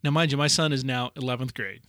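Lively laughing bright-voiced man. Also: medium pitch, quick pace, no echo, clean studio sound. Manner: animated storyteller, laughs often. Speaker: podcast co-host. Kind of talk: casual chat.

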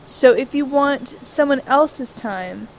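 Woman chatting, explains stuff plainly, higher voice, bit of hiss behind. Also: slow pace, rough recording. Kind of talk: casual chat.

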